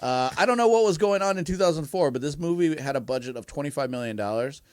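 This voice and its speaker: A man's voice: on the high side, fast, no echo. Man, podcast co-host, casual movie chat, laughs a lot, dry close sound. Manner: laughs often, animated storytelling.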